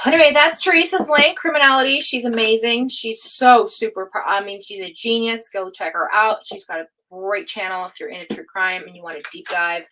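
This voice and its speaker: A woman hosting a live tarot stream, chatting casually with viewers, laughing often and speaking of energy and higher self. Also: a little fast, hardly any pauses, bright, forceful tone, slight background noise, rough recording. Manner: chatty, reads out chat names and laughs often.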